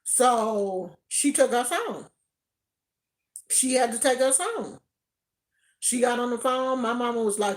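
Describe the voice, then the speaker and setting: Woman, higher voice, unhurried, animated casual storytelling, laughs a lot. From Oakland, California. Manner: animated, laughs often, acts out quoted voices.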